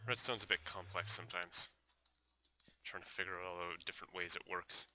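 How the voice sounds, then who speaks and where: A young man with a deep voice and a sharply bright, forward tone talks through a game build as he plays. He stops often to think, filling gaps with ums and uhs. Faint background noise and mouse clicks sit under his voice. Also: level tone, fairly quick. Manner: thinking aloud, hesitant with many fillers. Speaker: gameplay commentator. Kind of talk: casual gameplay commentary.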